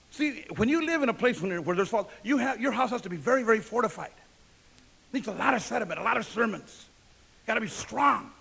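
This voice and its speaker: A man's voice: sits high, creaky, bright, forceful tone, slightly rough. A male pastor preaching a sermon, emphatic and repetitive, asking the congregation questions and answering them himself.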